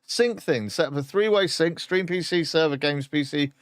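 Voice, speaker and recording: A man's voice: on the high side, moderate pace, dry recording. A man streaming a casual chat, joking about himself and swearing now and then.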